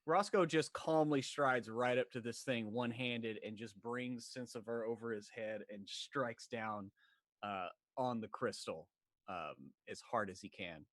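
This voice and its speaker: A man playing a tabletop game, calmly describing what his character does. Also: mid-range voice, measured pace, dry recording. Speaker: player.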